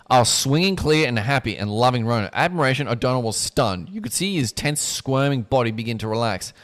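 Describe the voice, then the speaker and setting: On a livestream, a man reads a book aloud in a mid-range voice, fairly quick and with lively intonation. He stops between read passages for casual, sweary asides.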